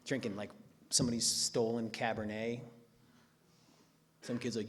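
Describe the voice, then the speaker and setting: Bright-voiced man telling a profane story. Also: on the low side, measured pace, slight background noise. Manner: profane, animated storytelling with frequent laughs. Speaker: recovery meeting speaker. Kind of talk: comic personal story at a meeting. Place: meeting room.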